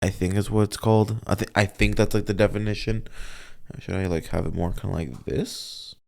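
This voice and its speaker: A man's voice: fairly low pitch, steady tone, a little fast, creaky, a little mellow. A man hosting his own show alone, rambling and searching for words, a little emotional with a slightly off voice. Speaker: podcast host. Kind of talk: casual solo monologue.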